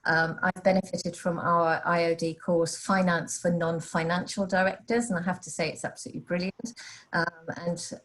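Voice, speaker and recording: A woman's voice: lowish voice, level tone, moderate pace, a bit bright, poor audio. A woman hosting a webinar who introduces the speaker in a hesitant way, with many fillers, and at times loses her thread. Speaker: event host.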